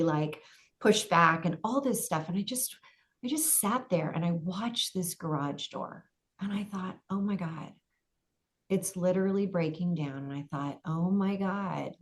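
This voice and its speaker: Lowish-voiced woman telling a dramatic story. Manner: vivid, dramatic storytelling with acted-out inner voices. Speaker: podcast guest, coach. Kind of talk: storytelling in a podcast interview.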